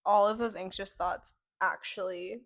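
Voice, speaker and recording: Young woman, podcast co-host, playful and teasing, mid pitch, casual. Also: fairly even intonation. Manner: playful, teasing, with quick reactions. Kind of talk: casual chat.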